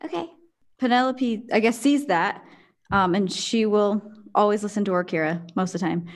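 A woman playing a tabletop role-playing game, excitable and often giggling. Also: medium pitch, normal speed. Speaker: player.

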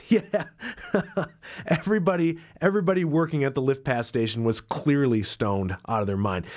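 Wry male podcast host reading a story. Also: mid-range voice. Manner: wry, self-deprecating joking asides. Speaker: podcast host and dairy farmer. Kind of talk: reading a travel story aloud with asides.

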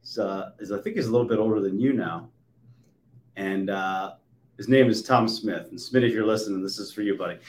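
A man in his forties hosting a podcast, telling stories with animated swings between loud and soft. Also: on the low side, a little fast. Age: 40s. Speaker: podcast host. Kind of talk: conversational interview. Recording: roomy echo.

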